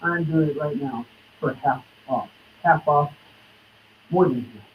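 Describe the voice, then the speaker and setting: Over distant, dull, lo-fi stream audio, a man with a slightly high voice and measured pace hosts a live comic book sale. He works through titles and prices in hustling sales patter, with slight background noise.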